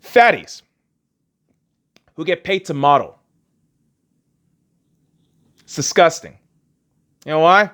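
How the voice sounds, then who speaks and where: Brief: crude, heated podcast host, lively, swooping delivery. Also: male voice, fairly high pitch, takes it slowly, pauses often. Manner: crude, heated, heavy swearing. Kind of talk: profane podcast rant.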